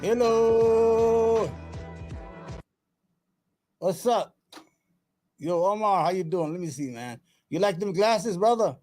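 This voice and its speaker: Heated, cursing livestream host. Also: male voice, a little high, unhurried, pauses often, darkish tone, soft background music. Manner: heated, profane, repeats himself; chatty asides to viewers. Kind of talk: ranting political commentary.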